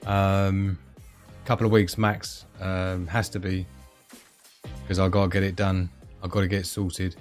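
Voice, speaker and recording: A man's voice: sits low, flat delivery, a little slow, soft background music. A man hosting a casual live stream, rambling and giggly with lots of fillers.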